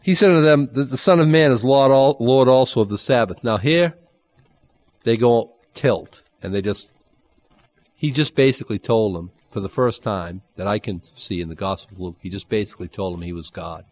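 A man preaching a Bible-teaching sermon, conversational and animated, with dry humor and sudden jumps in pitch. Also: moderate pace, no room sound. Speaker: pastor.

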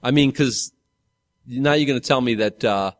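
A man's voice: medium pitch, moderate pace, no echo. Man teaching a casual sermon. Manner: conversational, self-correcting, asks the congregation questions. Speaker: pastor.

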